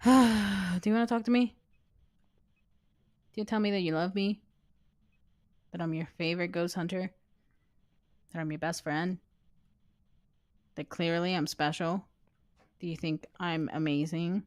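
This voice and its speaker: A woman's voice: fairly low pitch, fairly even intonation, a little slow, pauses often, no room sound. Woman streamer taunting a game ghost. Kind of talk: live gameplay commentary.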